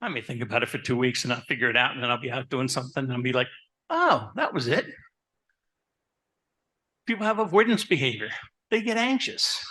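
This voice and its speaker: Therapist type, male, husky and pushy delivery, quizzes the crowd, chatty anecdotes. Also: mid-range voice, racing. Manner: animated, asks the audience questions; personal anecdotes, conversational. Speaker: therapist giving a talk. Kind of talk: live presentation to an audience.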